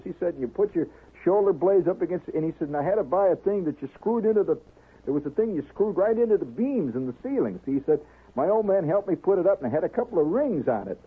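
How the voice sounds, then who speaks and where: A man's voice: high-pitched, slightly rough. A man telling a long comic story in a rambling way, peppered with "you know" and "see?", as a radio storyteller. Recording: tinny old radio broadcast.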